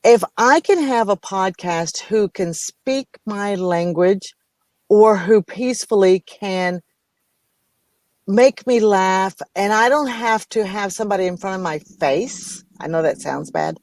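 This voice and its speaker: Animated woman co-hosting a business talk show. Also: mid-range voice, no echo. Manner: animated storyteller, slips into playful voices and laughs. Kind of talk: casual business chat.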